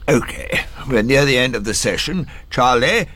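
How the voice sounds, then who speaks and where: A man in his sixties playing a dry, deadpan counsellor who also chats softly to his dog. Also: medium pitch, moderate pace. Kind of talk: scripted comedy dialogue.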